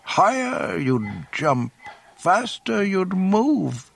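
A man voicing an ancient, wise little alien master who talks slowly with twisted word order. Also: sits high, wildly swooping pitch, creaky, slightly rough, pitched above the performer's own voice, exaggerated voice. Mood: amused. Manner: slow, teasing, inverted phrasing.

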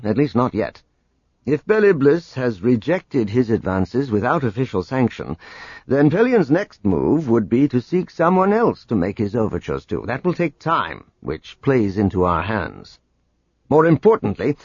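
Cool, scheming military strategist in a sci-fi audiobook, read by a male narrator; calm and instructive. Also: mid-range voice, husky, no echo, dull audio.

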